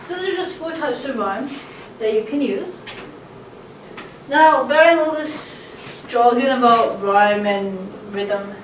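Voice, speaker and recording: This poetry teacher speaks slowly and expressively in a voice on the high side, far from the camcorder's mic. In a casual lecture she chats with plenty of ums and uhs and taps out stress patterns aloud, while the room echoes and a faint hum lingers.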